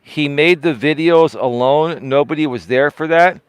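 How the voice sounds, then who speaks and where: A man's voice: a little high, moderate pace, clear, resonant tone, dry recording. Emphatic man hosting a live stream. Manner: emphatic and defensive, repeats himself; talks straight to chat, asks pointed questions. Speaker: livestream host. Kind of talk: casual live-stream commentary.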